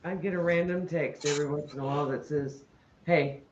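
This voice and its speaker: A woman's voice: low-pitched, steady tone, brisk, roomy sound, muffled recording, noisy background. A woman co-hosting a casual livestream chat, playful and teasing, laughing a lot.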